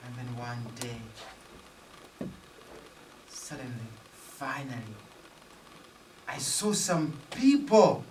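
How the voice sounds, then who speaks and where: A woman telling a dramatic story in spoken-word style, with rhythmic, repetitive phrasing and loud outbursts. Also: a little high, a little hiss or hum. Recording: roomy, distant, faint ambience.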